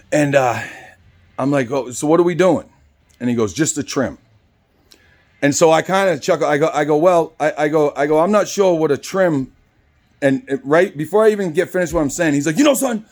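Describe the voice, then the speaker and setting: A man's voice: mid-range voice, a little mellow. A man who works as a barber tells a story in a casual, rambling way, often asking "right?" and acting out both sides of the exchange. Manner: rambling, with frequent tag questions.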